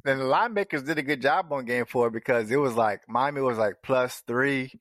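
A man co-hosting a casual sports podcast, talking in a relaxed, measured way with frequent ums. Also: mid-range voice, no echo, clean studio sound. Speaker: podcast co-host.

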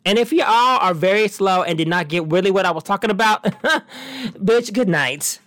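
A man's voice: high voice, moderate pace, no room sound, studio quality. A man hosting a podcast, talking in a sassy, flamboyant casual monologue that keeps calling the listener honey and breaks into laughs. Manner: animated, laughs between stories. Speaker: podcast host.

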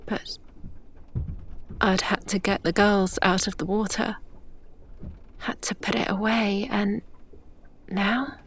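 A woman reading a first-person story aloud in a hushed, breathy half-whisper. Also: mid-range voice, fairly even intonation, slow, pauses often. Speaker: audiobook narrator. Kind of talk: first-person dramatic narration.

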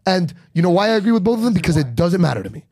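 A man's voice: high voice, very fast, no echo, clean studio sound. A man, a comedian, chatting casually on a podcast and acting out other people's voices as he tells stories. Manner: animated storytelling, acts out other people's voices. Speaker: comedian guest.

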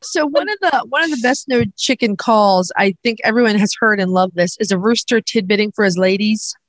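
A woman's voice: mid-range voice, fairly quick, no echo, poor audio. A woman hosting a podcast, joking and giggling through casual chat. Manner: jokey, giggly, teasing asides. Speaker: podcast host.

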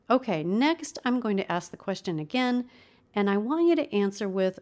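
A woman leads a voice lesson with an upbeat, coaching manner. Her pitch sits in the middle range, and she demonstrates each exercise herself. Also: expressive, moderate pace, a little mellow. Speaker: voice teacher. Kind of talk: instructional video lesson.

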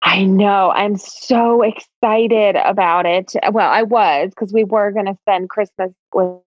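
A woman co-hosting a podcast, talking casually in an expressive, joking way. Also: mid-range voice, slow pace, no room sound. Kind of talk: casual chat. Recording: dry, dull lo-fi sound.

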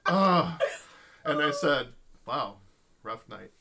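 A man's voice: on the high side, takes it slowly, crowd noise. A man casually telling a long anecdote in a chat, acting out the people he quotes. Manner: animated storytelling, acts out quoted voices. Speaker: storyteller in a podcast chat.

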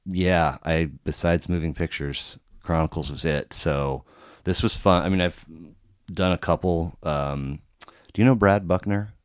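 A middle-aged man with a very deep, smooth, resonant voice hosts a casual podcast chat. He talks in a relaxed, halting way, and the sound is dry and close. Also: no echo. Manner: relaxed, hesitant, short interjections. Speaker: podcast host. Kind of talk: casual conversation about music.

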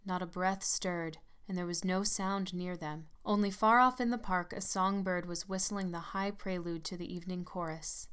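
A woman narrating a gothic story as an audiobook, measured and hushed. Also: on the low side, fairly even intonation, clean tone.

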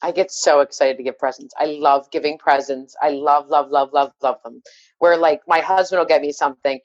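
A middle-aged woman in casual chat, lively and acting out quotes. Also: low voice, brisk, dry recording, dull audio. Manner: chatty, full of "like", animated quotes.

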